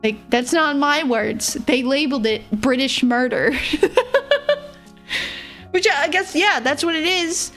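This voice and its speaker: A woman's voice: high voice, takes it slowly, pauses often, fairly bright tone. A young woman streamer chatting casually, rambling and giggling, who mumbles a little. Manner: rambling, giggly, self-deprecating. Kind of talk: casual livestream chat. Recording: faint music behind.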